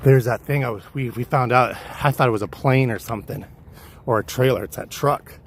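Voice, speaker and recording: A man's voice: medium pitch, a little fast, gravelly, slight background noise. Rambling, cussing man out on a hike. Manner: casual, profane, wandering. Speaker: livestream vlogger. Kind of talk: rambling storytelling while hiking. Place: outdoor hillside trail.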